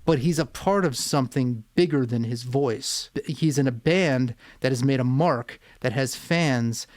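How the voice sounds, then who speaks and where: A man's voice: mid-range voice, unhurried, a little mellow, dry recording. A man hosting a music reaction video as a vocal coach, talking casually, thoughtful and a bit rambling.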